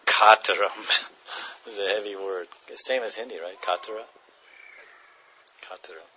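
A man's voice: fairly low pitch, a little slow, pauses often, bright, forceful tone, breathy edge, dull audio. A man giving a devotional class, chanting verses, translating them and chuckling as he tells stories. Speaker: spiritual teacher.

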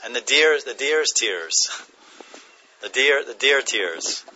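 A man's voice: mid-range voice, lively intonation, takes it slowly, pushed and bright, muffled recording, a little hiss or hum. A man giving a devotional class, chanting verses, translating them and chuckling as he tells stories. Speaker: spiritual teacher.

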